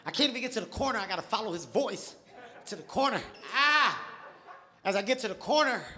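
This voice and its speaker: A man telling animated stand-up stories on stage, acting out voices and shouting. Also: sits high, a little fast. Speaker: stand-up comedian. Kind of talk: stand-up comedy storytelling. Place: large theater stage with audience.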